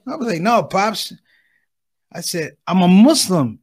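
Animated high-voiced male comedian. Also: moderate pace, pauses often, husky. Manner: animated, acts out voices of his parents. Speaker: stand-up comedian. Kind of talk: stand-up comedy storytelling.

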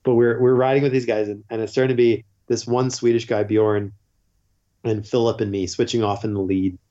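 A man who is a podcast guest, telling lively anecdotes in casual chat and swearing freely. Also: lowish voice, a little fast. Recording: dull lo-fi podcast audio.

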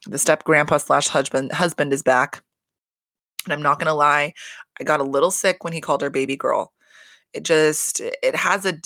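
Chatty, swearing young woman, low voice. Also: fairly bright tone, dry recording, studio quality. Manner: profane, gossipy, exasperated, lots of fillers. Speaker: reality TV recap host. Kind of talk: casual chat.

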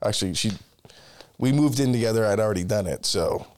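A man's voice: on the low side, animated, fairly quick, a little mellow. Crude, joking young man. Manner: crude, joking, swears a lot. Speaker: podcast co-host. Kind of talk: casual chat.

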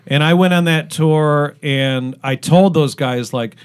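A man's voice: medium pitch, a little slow. Rambling middle-aged man telling stories. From Cleveland, Ohio. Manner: rambling with many fillers and restarts. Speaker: guest musician. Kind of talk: casual interview storytelling.

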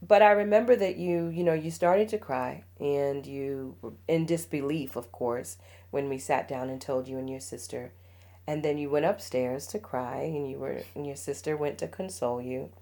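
A woman's voice: rumbling low, normal speed, creaky, warm tone. A middle-aged woman hosting a parenting podcast, telling a personal family story in an emotional, confiding way and laughing often. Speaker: podcast host, mother. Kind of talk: heartfelt parenting podcast talk.

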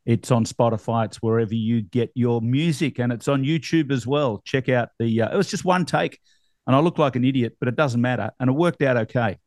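A man's voice: medium pitch, a little fast, darkish tone, no echo. A middle-aged man with an Australian accent, hosting a podcast in casual, rambling chat full of fillers and easy laughs. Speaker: podcast host.

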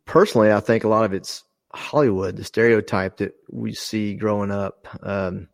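Earnest low-voiced man, halting. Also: a little mellow, no room sound. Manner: earnest, halting, many ums and restarts. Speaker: podcast co-host, former fighter pilot. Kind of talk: casual podcast conversation.

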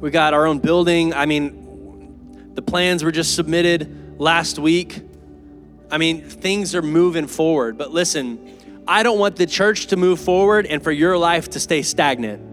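A pastor preaching an earnest, emphatic and conversational sermon in a church. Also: male voice, fairly high pitch, a little slow, a bit bright, soft background music. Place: church sanctuary.

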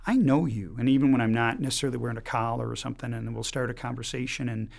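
A middle-aged man from Michigan, a priest guest, telling stories in a lively way with quick bursts and many restarts. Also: mid-range voice, vocal fry. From Michigan, United States. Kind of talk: casual storytelling chat.

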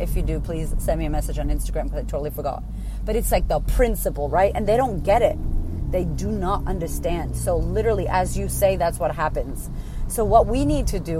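A woman's voice: fairly low pitch, background noise. A woman in her thirties hosting a casual solo podcast as a coach, blunt and emphatic, swearing freely.

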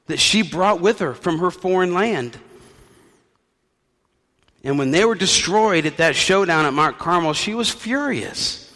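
A man's voice: a little high, bright, forceful tone. Storytelling male pastor in echoing church. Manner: conversational storytelling, wry asides. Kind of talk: sermon.

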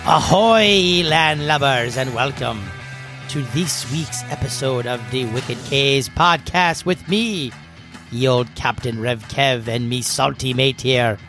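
A man's voice: mid-range voice, slow, over music. A man putting on a hammy pirate captain voice to open a podcast. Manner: theatrical pirate talk.

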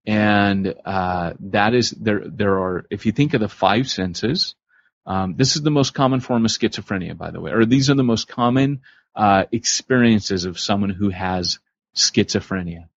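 A man co-hosting a podcast in casual chat, animated and acting out the voices he quotes. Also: on the low side, normal speed, no room sound. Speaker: podcast co-host. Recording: slightly muffled podcast recording.

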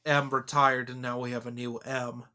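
A man co-hosting a podcast, giving opinionated, animated views in a casual film discussion. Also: medium pitch, normal speed. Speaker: podcast co-host.

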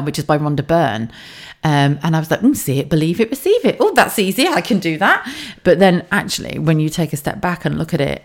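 A woman's voice: deep voice, gravelly. A woman with an English accent hosting a casual solo podcast from a home office, chatty and laughing, swearing freely. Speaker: podcast host.

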